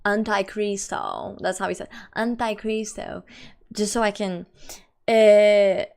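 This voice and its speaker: A woman's voice: mid-range voice, fairly even intonation, measured pace, warm tone, clear, resonant tone. A young woman live streamer chatting casually with her viewers. She reads their messages aloud in a slangy, talkative way.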